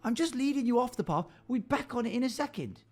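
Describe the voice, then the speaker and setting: A man doing Bonko, a pinched high little goblin. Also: lively intonation, quick pace, darkish tone, soft background music. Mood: exasperated. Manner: cheeky, wheedling, deal-making. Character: scrappy hungry little male goblin.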